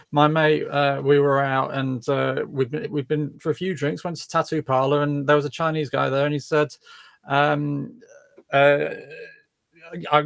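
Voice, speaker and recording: Gravelly self-deprecating man. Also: mid-range voice, level tone, moderate pace, no room sound, clean studio sound. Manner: self-deprecating, rambling, chuckling. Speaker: livestream host. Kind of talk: casual group chat.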